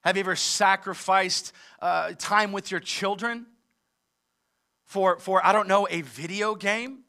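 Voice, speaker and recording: A man preaching a sermon as pastor, moving between forceful emphatic passages and conversational asides. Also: sits high, fairly even intonation, unhurried. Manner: preaches with rising intensity, mixes emphatic and conversational. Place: church service in a large theater.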